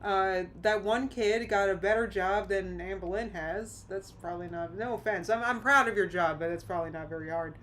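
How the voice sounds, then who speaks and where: Hosting a live react stream, a woman chats casually and animatedly, exclaiming and reading viewer comments aloud. Her medium-pitched voice keeps a moderate pace with hardly any pauses, over slight background noise.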